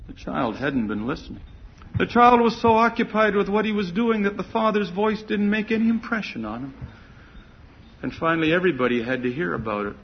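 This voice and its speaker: A fairly high-voiced man delivers a sermon, earnest and emphatic, his voice swelling on the words he wants to land. The recording is muffled and lo-fi. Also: expressive, a little fast. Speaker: preacher.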